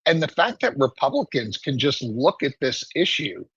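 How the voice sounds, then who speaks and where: A man giving political commentary as a guest, emphatic and opinionated, talking in steady runs. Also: medium pitch, normal speed, husky, no room sound, muffled recording. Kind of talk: political talk show commentary.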